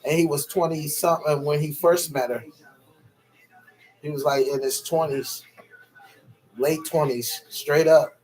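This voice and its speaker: Casual vlogger, high-pitched man, rambling and profane, high and tired. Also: steady tone, a little slow, long pauses, a little mellow. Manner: rambling, profane, laughs often. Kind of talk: casual monologue to viewers.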